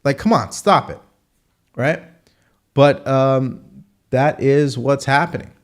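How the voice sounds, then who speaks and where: A man's voice: mid-range voice, takes it slowly. Male host, live political commentary, punchy rhetorical delivery, mid-range voice. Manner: rhetorical, repeats questions for emphasis.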